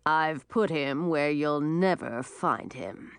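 A woman's voice: fairly low pitch, expressive, a bit bright, no echo, clean studio sound. A woman voicing a nasty, sneering old male wizard in a storybook reading. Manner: sneering, drawn-out.

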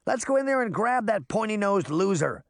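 A man's voice: high voice, very animated, normal speed, creaky, no echo, studio quality, voice pushed up, full character voice. A man doing a brash, cocky boy fairy trickster. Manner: cocky, teasing.

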